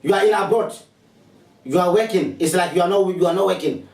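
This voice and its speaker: Urging Ghanaian man, high voice, echoey room. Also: brisk, creaky, darkish tone, recorded from a distance. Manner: preachy, repetitive, urging and coaxing. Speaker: spiritualist advertising his services. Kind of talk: promotional appeal to viewers.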